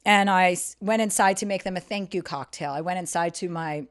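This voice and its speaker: A woman's voice: lowish voice, a little fast. Frank, crude woman telling a story. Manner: frank, crude, self-mocking. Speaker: podcast guest. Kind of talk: storytelling anecdote.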